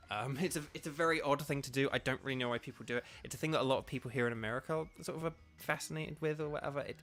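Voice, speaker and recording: Bright-voiced chatty male game streamer. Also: mid-range voice. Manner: chatty, digressive, reads chat aloud. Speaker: gaming streamer and voice actor. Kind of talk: casual live-stream commentary.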